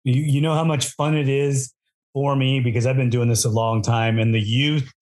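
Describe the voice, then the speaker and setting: A man's voice: mid-range voice, little pitch movement, normal speed, a little mellow. A middle-aged man interviewing a young racer in an easygoing, encouraging manner. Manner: easygoing, encouraging, with small restarts. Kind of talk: interview questions.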